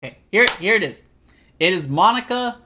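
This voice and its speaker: A young man streaming a game live, rambling through animated, self-deprecating commentary and reading the game's text aloud. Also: high voice, normal speed, noisy background.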